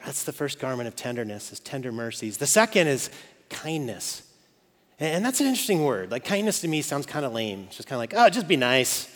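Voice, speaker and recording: Very animated and brisk, a medium-pitched man in his forties preaches a casual, joking sermon to mothers. This pastor frequently checks in with "okay?" and "right?", and long hall reverb fills the recording.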